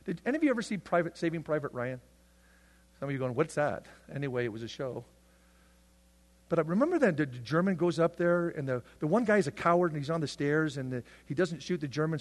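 A male pastor preaching a sermon, swinging between loud, impassioned passages and hushed, intense ones. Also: a little high. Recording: long hall reverb.

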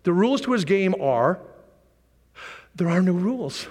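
A male pastor preaches with animated energy, piling up repeated rallying phrases and dropping joking asides. His voice is a touch higher than most men's, and long reverb trails each phrase through what sounds like a church sanctuary. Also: normal speed, pauses often. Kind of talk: sermon. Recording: long reverb of a large hall.

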